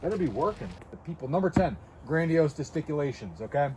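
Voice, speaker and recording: A man's voice: a little high, very animated, fast talker, a little mellow, slight background noise. Blunt, intense man coaching on camera. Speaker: body language video host. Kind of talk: casual direct-to-camera coaching talk.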